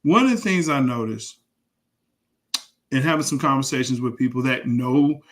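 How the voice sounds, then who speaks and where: Man, mid pitch, sports podcast co-host, casual, conversational, acts out quotes. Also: animated, moderate pace. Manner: conversational, frequent agreeing backchannels, acts out quotes.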